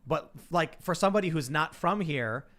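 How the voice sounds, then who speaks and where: A man's voice: on the high side, animated, a bit bright. A man hosting a podcast, chatting casually and reading viewer messages aloud. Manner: quick, conversational, uses fillers. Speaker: podcast host.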